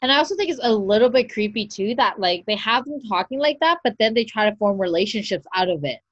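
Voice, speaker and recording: A woman podcast co-host in casual chat, ranting in an exasperated, animated way. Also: medium pitch, fast, dry recording, highs cut off.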